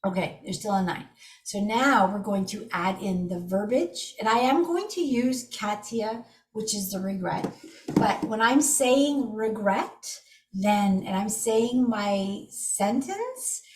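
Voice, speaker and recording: A woman's voice: medium pitch, slow pace, slight background noise. A middle-aged woman teaching tapping in a live online workshop over a video call, speaking vividly. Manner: animated, vivid, acts out strong emotions while demonstrating. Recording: roomy and distant from the mic.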